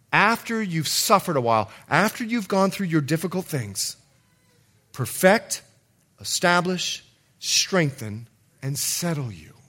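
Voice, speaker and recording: A man preaching a sermon as pastor, swinging from loud calls to hushed low lines. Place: church.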